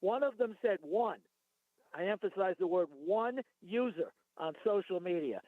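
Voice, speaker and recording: A man's voice: high voice, expressive, a little slow, no room sound. A man calling in to a talk radio show, rambling and arguing his points, reading from notes. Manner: rambling, argumentative, reads from notes. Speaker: caller. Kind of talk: phoned-in talk radio call. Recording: tinny phone line.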